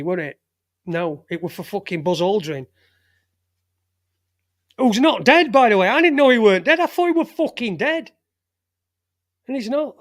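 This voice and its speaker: A man hosting a live online show in rambling, jokey banter, swearing freely. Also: high voice. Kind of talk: casual live-stream chat.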